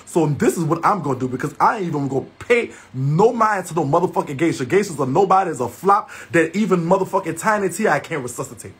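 A man's voice: sits high, fairly bright tone, husky. A man ranting angrily to his viewers, heated, repetitive and confrontational. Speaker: livestreamer. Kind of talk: angry profane rant to viewers.

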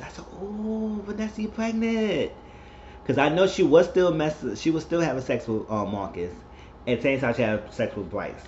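A man's voice: medium pitch, a little mellow, muffled recording, slight background noise. A man chatting casually through a TV show recap, retelling the plot with plenty of fillers.

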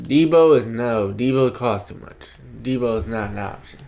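A gaming streamer with a medium-pitched, mellow voice speaks at normal speed with few pauses, over a little hiss or hum. He chats with viewers in casual slang and teases them with mock scolding.

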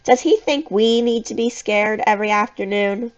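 A woman voicing an angry female drama teacher who demands answers in a sharp, scolding manner. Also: medium pitch, normal speed, close to an everyday voice, rough recording.

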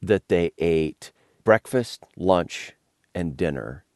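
Deep-voiced pastor telling stories. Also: male voice, animated, slow pace, darkish tone, no room sound, studio quality. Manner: storytelling, directs others playfully. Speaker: pastor and author, guest. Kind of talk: conversational Bible teaching.

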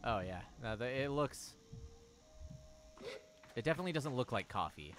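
A man's voice: mid-range voice, moderate pace, background noise. A man streaming a game, chatting casually and reading its narration aloud with feeling. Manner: relaxed and musing, reading game text with feeling. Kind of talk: livestream commentary with read-aloud game text. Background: game music.

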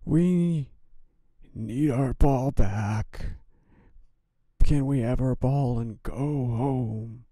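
A man's voice: lowish voice, fairly even intonation, drawn-out words, darkish tone, no room sound, studio quality. A man voicing a timid young boy who is easily frightened and pleads nervously. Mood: pleading.

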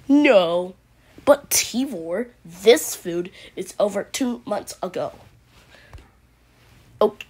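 A woman's voice: mid-range voice, lively intonation, drawn-out words, pauses often, a little mellow, breathy edge. A woman improvising a goofy skit, playfully switching between silly voices and bursts of nonsense sounds. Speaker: video creator. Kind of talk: goofy improvised play-acting.

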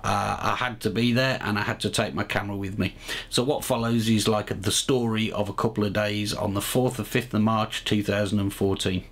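Guy hosting, lowish voice, calm measured chat, bit dry. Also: a little hiss or hum. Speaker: show host. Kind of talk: casual chat and video diary narration.

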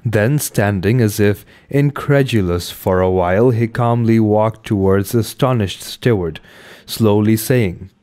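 A man reading a classic novel aloud, carefully and unhurried, then chatting casually to listeners. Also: lowish voice, dark tone. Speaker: audiobook reader. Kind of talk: amateur audiobook reading and casual sign-off.

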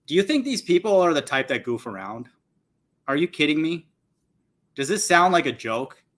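Very animated and brisk, a man with a slightly high, somewhat bright voice reads scripture on his Bible channel and comments bluntly and scornfully. He insults and mocks his audience, saying "okay" between each point.

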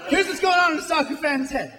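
A man's voice: very high-pitched, fast, big-room sound, a little hiss or hum. A male stand-up comedian making sardonic, mocking observations on stage. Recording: live club, loud crowd laughter.

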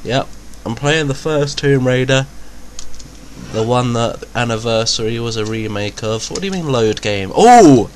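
A man's voice: mid-range voice, normal speed, slight background noise. A man with a cold and a slightly nasal voice, chatting casually and joking through a let's-play. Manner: chatty, joking, exclaiming at the game. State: has a cold, a bit nasal. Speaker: gaming video host.

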